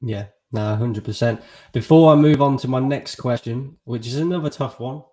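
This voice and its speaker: A man's voice: medium pitch, normal speed, a little mellow, rough recording. A man hosting a casual live stream, asking questions and reading viewer comments in an easygoing way. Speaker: host.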